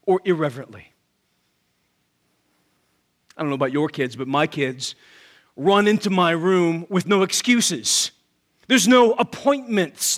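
A man's voice: sits high, fairly bright tone. A man preaching a sermon with emphatic rhetorical questions, often repeating words as he starts a thought. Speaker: pastor.

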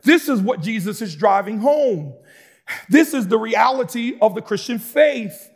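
A man preaching a sermon, moving between calm explanation and fervent shouting with casual asides to the congregation. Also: high voice, unhurried. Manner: shouts and preaches with rising intensity, conversational asides. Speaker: pastor.

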